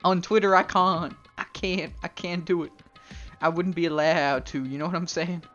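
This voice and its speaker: A man's voice: fairly high pitch, steady tone, normal speed, fairly bright tone, highs cut off, faint music behind. Rambling, joking streamer guy. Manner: rambling, joking, swears freely, mock-formal bits. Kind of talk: casual live-stream chat.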